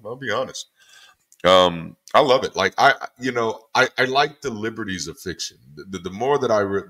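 A man with a lowish, bright and forceful voice talks through a Bible study in an easy, conversational way. He restarts often by repeating words, and his delivery is animated and irreverent. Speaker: former pastor leading a Bible study. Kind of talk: casual spoken commentary on scripture readings.

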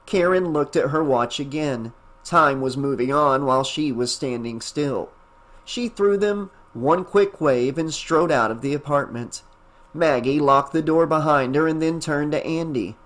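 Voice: mid-range voice, a little slow. An audiobook narrator reading a fan novel aloud, who then chats enthusiastically as the channel's host. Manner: enthusiastic, chatty, with fillers in the wrap-up.

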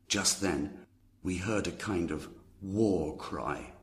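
Deep-voiced man narrating a story. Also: slow pace, slight background noise. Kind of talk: audiobook story narration for learners.

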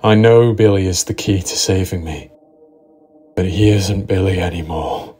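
A man narrating a first-person horror story in a steady, dramatic storytelling manner. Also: deep voice, a little slow, music in the background. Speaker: narrator and writer.

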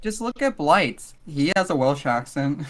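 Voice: medium pitch, very animated, a little slow. A speaker from the United States joking bluntly in an online voice chat.

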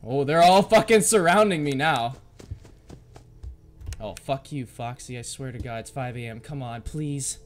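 A man's voice: mid-range voice, a little slow, faint music behind. A man doing let's-play commentary, frantic and swearing as he barks orders at the game. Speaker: gamer.

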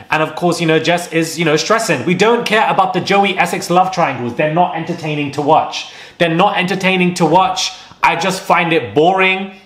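A young man hosting a casual vlog, ranting energetically about a reality show with bursts of laughter. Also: fairly high pitch. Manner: energetic, animated, quick rants with laughs. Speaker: YouTube host. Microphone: desk microphone. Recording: echoey room.

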